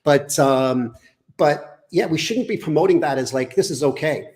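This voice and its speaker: A man's voice: a little high, normal speed, a little mellow. A middle-aged man, a fitness trainer, ranting bluntly and profanely in a casual podcast chat.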